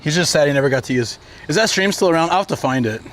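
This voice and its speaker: A man's voice: fairly high pitch, expressive, racing, a bit bright. A man livestreaming while walking outdoors, telling stories in a rambling way with lots of fillers. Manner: rambling storytelling with frequent fillers. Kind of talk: casual walking livestream chat. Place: outdoors on city streets. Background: traffic and city ambience.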